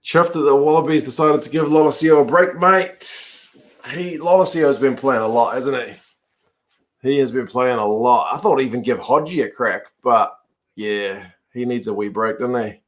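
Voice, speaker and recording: A man's voice: medium pitch, moderate pace. A laid-back man hosts a live rugby watch-along. He talks in a mid-range voice, chatting casually, reacting to each play and reading out viewer comments. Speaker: host.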